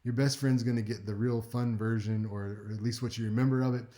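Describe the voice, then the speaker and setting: A male speech instructor gives a recorded class lecture in a mellow, warm tone at a mid-range pitch. He keeps it conversational and wry, often checking in with his listeners. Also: steady tone, brisk. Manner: conversational and wry, with frequent "right?" check-ins.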